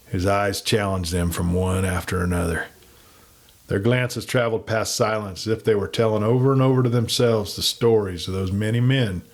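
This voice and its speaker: A man reading a western novel aloud in steady storytelling narration. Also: on the low side. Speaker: audiobook narrator.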